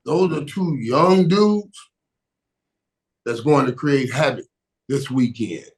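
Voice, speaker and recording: A man's voice: medium pitch, animated, slow. A man, a guest on a sports talk show, talking emphatically, repeating himself and breaking into laughter.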